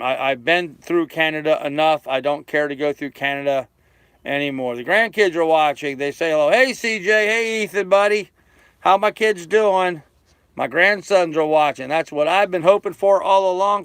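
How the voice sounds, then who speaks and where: A man's voice: fairly high pitch, clear, resonant tone, no room sound. An older man sailing on a small boat, chatting casually on a live stream as he reads out and answers viewer comments. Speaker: sailing vlogger. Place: aboard a small sailboat.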